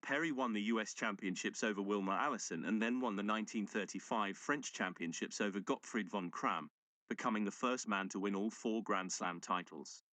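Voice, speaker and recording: A man giving measured, factual documentary narration. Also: lowish voice, pushed and bright, no echo.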